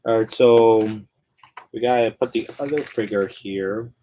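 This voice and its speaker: A man's voice: lowish voice, a little slow, dark tone, a little hiss or hum. A man on a casual live stream who thinks aloud as he assembles a toy figure. He rambles and fills his talk with "like" and "and all that".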